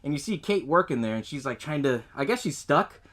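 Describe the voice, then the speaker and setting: A man's voice: on the high side, lively intonation, a little fast, a bit bright. Swearing man recapping a movie. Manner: laid-back, swears a lot, laughs often, acts out movie lines. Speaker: podcast host.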